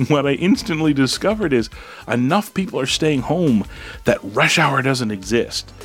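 A man's voice: medium pitch, lively intonation, unhurried, a bit bright, soft background music. A man co-hosting a podcast in casual chat, rambling with restarts and laughs. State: hiccups, drinking beer. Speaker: podcast co-host.

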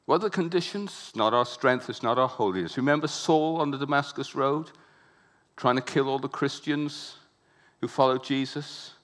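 A man preaching a sermon with passion, repeating words for emphasis and building to loud, emphatic peaks. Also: mid-range voice, moderate pace.

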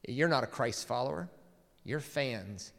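A man reading a quote aloud from the pulpit in a put-on American Southern accent, loud and emphatic, with long hall reverb. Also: medium pitch, lively intonation, a little slow, creaky. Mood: mocking. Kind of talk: sermon.

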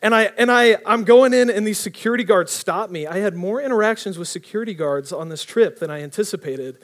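Animated young man preaching a storytelling sermon. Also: sits high, a little fast. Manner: animated, rambling, self-interrupting.

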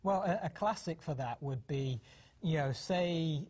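A middle-aged man with a British accent talks in a casual, chatty way. He often restarts his sentences and acts out the voices of people he quotes. His voice is slightly husky and sits a little high. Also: lively intonation, measured pace, a little mellow. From United Kingdom. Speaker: co-host, parenting program. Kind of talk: casual television talk.

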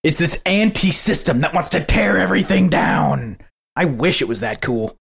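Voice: medium pitch, lively intonation, vocal fry, a crowd in the background. Podcast cohost chatting casually, voice bounces up and down a lot, stumbles and restarts mid-thought. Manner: halting, restarts while searching for words. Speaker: podcast co-host. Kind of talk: casual chat.

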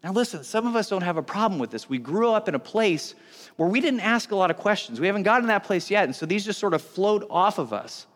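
A pastor in his thirties preaches with a high, expressive, fairly bright voice, talking fast in a conversational, joking style and often cutting himself off mid-sentence. The recording carries long hall reverb.

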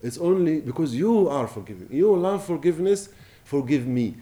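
Man, middle-aged, preacher, passionate rise and fall, mellow tone. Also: mid-range voice. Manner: impassioned, rising and falling, recites Arabic quickly. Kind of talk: Ramadan sermon.

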